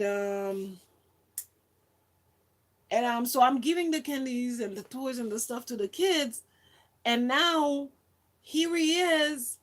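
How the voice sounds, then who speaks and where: A woman volunteer telling a personal story in a casual, chatty way, with lots of fillers. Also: high-pitched. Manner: chatty, many fillers, acts out quotes.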